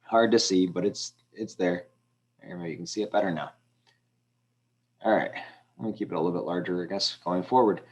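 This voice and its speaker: A man teaching a language lesson over a screen walkthrough, talking his students through exercises step by step in a relaxed way with frequent ums. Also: sits low, normal speed, long pauses. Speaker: Spanish teacher.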